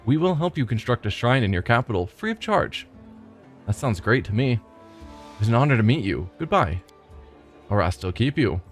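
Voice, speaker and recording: A man's voice: medium pitch, big pitch swings, normal speed, pauses often, soft background music. A man hosting a let's play, reading the game's dialogue aloud and adding dry asides of his own. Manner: reads lines aloud, slips and restarts, dry asides.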